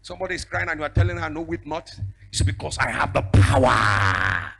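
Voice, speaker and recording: A male evangelist, preaching a fiery sermon with prophetic declarations. He moves between shouted declarations and a low storytelling voice. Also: big pitch swings, brisk, gravelly, husky. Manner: bursts into speaking in tongues.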